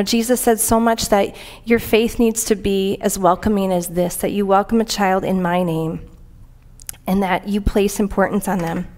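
A woman's voice: mid-range voice, darkish tone. A woman preaching a conversational sermon in a church, earnest and plain-spoken, reading aloud from scripture and a commentary.

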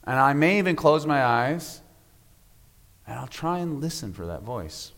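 A man preaching a sermon as pastor, measured and reflective, often letting his voice fall to a soft hush at the end of a phrase. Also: medium pitch, very animated. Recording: long reverb of a large hall.

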